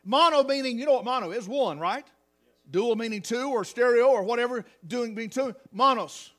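A man preaching a sermon as pastor, moving from quiet talk to loud, rising calls with hallelujahs. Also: very high-pitched, brisk.

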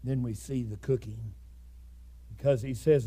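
A man preaching a fiery sermon, swinging between loud shouted climaxes and hushed low passages. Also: huge pitch swings, a little slow, long pauses, slightly rough.

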